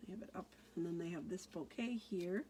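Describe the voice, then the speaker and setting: A woman's voice: fairly low pitch, fairly quick, warm tone, slight background noise. A woman giving a casual card-making tutorial, chatting through each step as she works.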